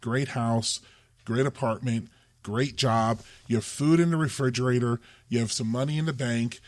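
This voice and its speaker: A man's voice: mid-range voice, fairly even intonation, normal speed, no echo. Earnest man, dry close sound. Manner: repeats words and restarts, earnest and talkative. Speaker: podcast co-host. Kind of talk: casual faith discussion.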